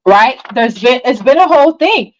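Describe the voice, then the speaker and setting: A woman's voice: high voice, animated, normal speed, no echo, rough recording. A woman hosting a casual livestream, talking through drama with her chat in a rambling way, sometimes dropping to a near whisper. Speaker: livestream host. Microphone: phone.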